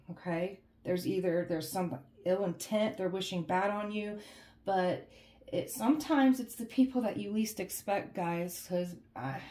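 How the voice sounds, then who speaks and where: A woman's voice: medium pitch, warm tone, reverberant. A woman giving a casual tarot reading to her viewers, chatty and emotionally shaken, often ending her phrases with "okay?" and "guys". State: emotionally shaken, holding back tears. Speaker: tarot reader. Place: indoors at home, with a cat nearby.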